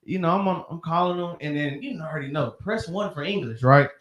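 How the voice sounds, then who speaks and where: A man with a Southern US accent telling an animated work story in a group class, acting out what people said. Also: a little high, fast, roomy sound, dull audio, noisy background. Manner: animated, acts out quotes. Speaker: class member. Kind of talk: casual storytelling.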